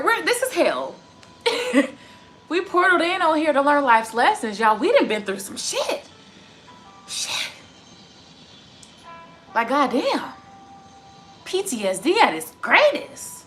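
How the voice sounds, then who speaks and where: A woman's voice: high-pitched, huge pitch swings, a little slow, long pauses, fairly bright tone, faint music behind. A woman in her twenties, a tarot reader chatting live to her viewers in a casual, profane, heated rant. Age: 20s. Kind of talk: casual livestream chat.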